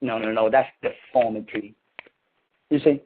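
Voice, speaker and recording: A man's voice: medium pitch, fairly even intonation, a little slow, slight background noise. Scolding preacher man on a tinny line. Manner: emphatic, scolding, slangy with cursing. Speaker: spiritual leader. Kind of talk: preaching address to followers. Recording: tinny phone-like sound.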